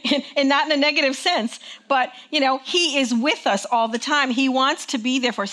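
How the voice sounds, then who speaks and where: Speaking in a high, fairly bright voice, a woman delivers a conversational sermon to her congregation. She leads them in call and response and keeps engaging them with a frequent "okay?"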